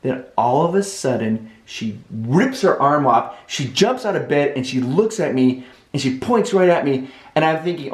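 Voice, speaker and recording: A man telling a personal story in a vlog, animated and dramatic, acting out his own thoughts. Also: a little high, brisk, roomy sound. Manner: animated, dramatic inner-voice retelling.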